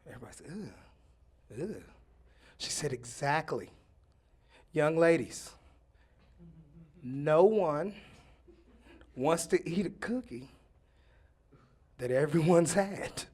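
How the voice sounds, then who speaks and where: Male stand-up with a Dayton accent, animated pitch, raunchy storyteller, club stage. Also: takes it slowly, pauses often. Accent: Dayton, Ohio. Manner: profane, storytelling, builds to shouting punchlines. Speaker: stand-up comedian. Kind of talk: stand-up set.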